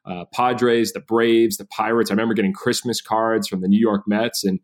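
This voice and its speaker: A man in his thirties, a podcast guest, telling stories in a casual animated way and acting out quoted dialogue. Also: lowish voice, normal speed. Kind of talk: casual interview storytelling.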